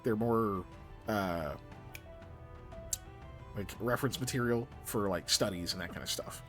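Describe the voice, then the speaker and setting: A man's voice: fairly low pitch, a little slow, fairly bright tone, faint music behind. A man as game master, narrating a tabletop game in a casual, rambling way full of fillers.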